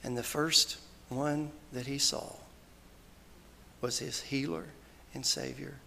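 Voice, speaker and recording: A man preaches a funeral sermon in an earnest, folksy way. His voice is gravelly with a bright, forceful edge. It rings out with the long reverb of a church hall. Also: mid-range voice, fairly even intonation, slow pace. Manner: earnest, folksy, quotes scripture and others with rising emotion. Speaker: minister giving a funeral eulogy. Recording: hall reverb, faint background noise.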